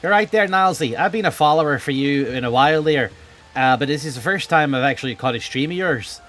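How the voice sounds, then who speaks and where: A man's voice: a little high, expressive, brisk, fairly bright tone, soft background music. A man putting on a hammy stage-Irish accent, rambling jolly chatter. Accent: put-on Irish. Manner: rambling, full of "there" and "uh".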